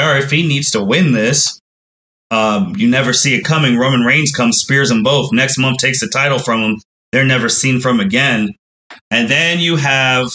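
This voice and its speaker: A man's voice: mid-range voice, bright, forceful tone, low-quality recording. A man hosting a podcast, telling a long, rambling recap with frequent exclamations. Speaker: podcast host.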